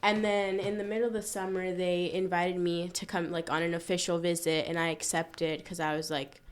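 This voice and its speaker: Young woman from Florida, athlete guest, easygoing chatty delivery, slightly low voice. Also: little pitch movement, normal speed, smooth. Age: young adult. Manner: casual, filler-heavy, frequent "like". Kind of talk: casual interview chat.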